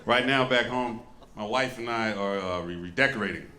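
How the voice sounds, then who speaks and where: A man in his thirties doing a stand-up set with a loud, profane, punchy delivery on a handheld mic. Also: on the low side, normal speed, background noise. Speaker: stand-up comedian. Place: comedy club stage with a live audience. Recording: roomy live club with loud crowd. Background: audience laughter.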